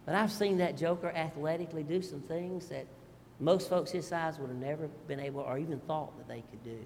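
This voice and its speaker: A middle-aged male pastor, telling family stories in an animated, folksy sermon with asides to the congregation. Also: on the high side, a little fast, gravelly, in a large hall, a little hiss or hum. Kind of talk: storytelling sermon.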